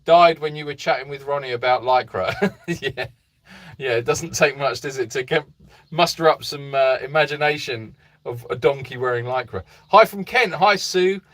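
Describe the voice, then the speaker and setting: A man's voice: mid-range voice, normal speed, a bit bright. Chatty man greeting live viewers. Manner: reads viewer comments aloud and greets them by name; chatty, meandering, with fillers. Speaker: animal sanctuary host. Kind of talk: casual live-stream chat. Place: narrow boat.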